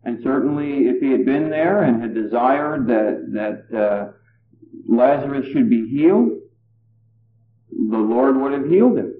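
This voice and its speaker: A man preaching a sermon, explaining a Bible passage in a measured way with emphatic rises. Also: medium pitch, expressive, slight background noise. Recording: echoey tinny lo-fi recording.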